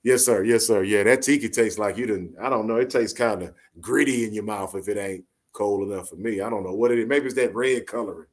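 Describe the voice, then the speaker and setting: A man hosting a live late-night talk show, chatting casually with a soft-spoken, laid-back, joking manner over a phone line. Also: lowish voice, fairly quick, hardly any pauses. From Orange, Texas. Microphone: phone call into live audio show.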